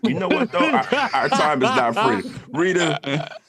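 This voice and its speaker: A man's voice: fairly high pitch, sing-song, a little slow. A man in a casual group chat, cracking crude jokes and ribbing his teammates. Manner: joking, profane, ribbing others. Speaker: team member. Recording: crowd noise behind the voice.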